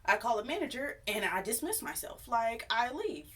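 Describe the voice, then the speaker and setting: A young woman telling a personal story to her viewers in a chatty, animated, sassy way. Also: a little high, moderate pace, slightly rough. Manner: chatty, animated, sassy retelling with acted quotes. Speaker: YouTube storyteller. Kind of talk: casual storytime vlog.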